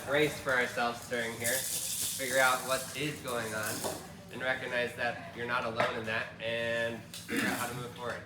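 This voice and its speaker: A man fitness coach explaining progress to a group, steady, checking in with "right?". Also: mid-range voice, distant mic. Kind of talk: group workshop talk. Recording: roomy, from across the room, loud noise.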